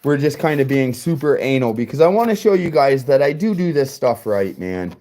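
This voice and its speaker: A man's voice: mid-range voice, big pitch swings, a little fast, dark tone. A man giving a casual workshop build tutorial as a car audio installer, chatty and profane, talking straight to his viewers.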